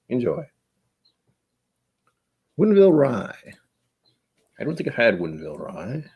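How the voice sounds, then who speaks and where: A man's voice: deep voice, darkish tone. A man hosting a casual livestream, rambling and chatty with frequent laughs, his voice a bit tired. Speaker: livestream host.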